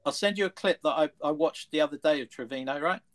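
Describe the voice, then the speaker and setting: A man's voice: a little high, fast, low-quality recording. Man telling golf yarns. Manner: anecdotal storyteller, animated retelling. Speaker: studio panelist. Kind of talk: casual sports chat.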